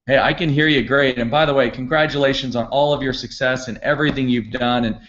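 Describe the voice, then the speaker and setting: A man's voice: mid-range voice, fairly even intonation, fast, fairly bright tone, lo-fi sound. A middle-aged man hosting a company conference call, speaking in an upbeat, promotional way with frequent fillers. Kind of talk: enthusiastic sales kickoff call. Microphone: conference call line.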